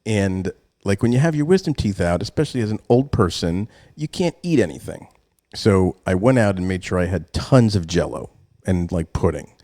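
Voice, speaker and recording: Animated swearing man telling a story. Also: sits low, moderate pace, dry recording, studio quality. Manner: animated, swears a lot, acts out his own yelling. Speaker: podcast co-host. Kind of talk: storytelling in casual chat.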